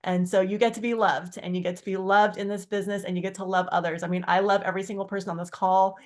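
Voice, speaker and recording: A woman's voice: flat delivery, fast talker. Earnest woman sharing a personal story. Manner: earnest, rambling with many restarts and fillers; acts out quoted dialogue with big pitch jumps. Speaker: guest speaker on a community call. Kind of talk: personal testimony on a video call.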